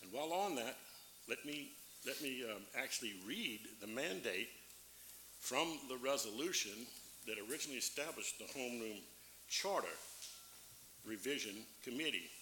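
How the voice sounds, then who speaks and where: A man serving as a parish councilman gives a formal floor speech, pausing often and reading legal text aloud slowly. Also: medium pitch, animated, sharp tone. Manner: halting, reads legal text aloud slowly with many fillers. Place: council chamber. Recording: echoey meeting room with faint background hum.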